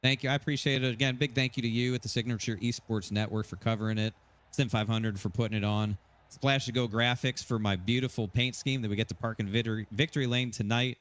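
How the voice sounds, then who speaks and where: A man who won a sim race, upbeat and rattling off shout-outs in a casual post-race interview on a headset mic. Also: lowish voice, clear, resonant tone, dry recording. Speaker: winning sim racing driver.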